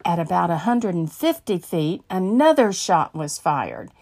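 A woman narrating a story in a measured, earnest way. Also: lowish voice, big pitch swings, darkish tone.

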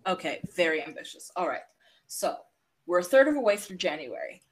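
A woman's voice: fairly low pitch, big pitch swings, a little fast, slightly rough. A woman co-hosting a casual podcast from her home office, chatty and self-mocking, often restarting her sentences. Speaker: podcast co-host. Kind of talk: casual chat.

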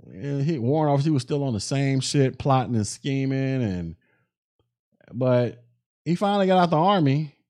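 A man hosts a podcast and spins a rambling story with a lot of swings in his pitch. His voice is warm and dark. He talks loosely, with plenty of slang and profanity, and often stops and restarts mid-sentence. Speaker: podcast host. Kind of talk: casual storytelling.

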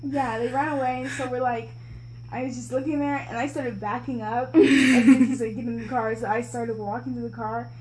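A woman's voice: fairly high pitch, fairly even intonation, fairly quick, crowd noise, low-quality recording. A young woman chatting casually, cutting in to tell her side of a story with lots of slang. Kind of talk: casual chat.

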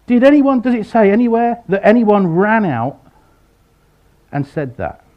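Animated man preaching, lively pitch. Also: unhurried. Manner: animated, acts out the people in the story with sudden loud voices. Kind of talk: sermon. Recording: dull lo-fi sound.

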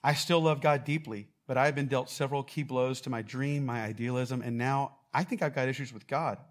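A man giving a casual, quick-talking sermon as pastor, joking with and quizzing a live church audience. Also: mid-range voice.

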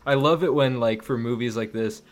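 A man's voice: medium pitch, a little fast. A man co-hosting a podcast in casual chat, rambling through his points with lots of restarts. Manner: rambling, many fillers and restarts. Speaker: podcast co-host.

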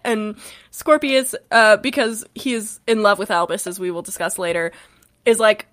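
A woman's voice: a little high, normal speed, a bit bright. A young woman co-hosting a casual book podcast, retelling the plot with lots of laughter and swearing. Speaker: podcast co-host.

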